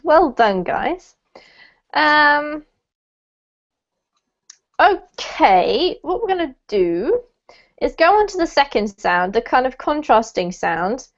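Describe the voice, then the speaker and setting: A woman with a fairly high voice leads a pronunciation class over a video call, encouraging her students. The audio is dull and muffled. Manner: encouraging, gives gentle feedback. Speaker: pronunciation teacher. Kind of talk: online group pronunciation class.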